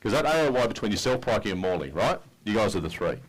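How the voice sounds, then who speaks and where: An Australian man with a somewhat low voice works a fishing tournament weigh-in outdoors. He keeps the banter matey and upbeat as he calls out anglers' names and bag weights into a handheld mic. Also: very animated, fast, slightly rough, low-quality recording. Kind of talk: live weigh-in commentary. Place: outdoors at a boat ramp.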